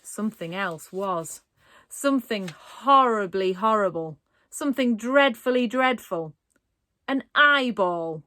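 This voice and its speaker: A woman reads a children's storybook aloud with dramatic flair and playful asides. Her pitch moves in a wide, lively way. The sound is close and dry. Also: slow, no room sound. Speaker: narrator. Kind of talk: storybook reading.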